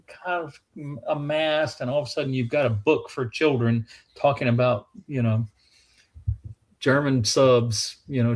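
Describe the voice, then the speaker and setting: Southern-accented man, museum guest, easygoing anecdotal storyteller with frequent restarts. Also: mid-range voice. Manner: rambling anecdotal, with restarts and acted quotes. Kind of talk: casual storytelling chat.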